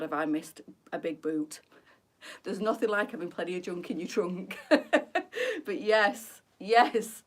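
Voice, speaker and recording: A woman's voice: on the low side, fairly bright tone. A middle-aged woman, chatting casually through a live boutique sale, rambling and laughing often. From England. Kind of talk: chatty live-stream sales talk.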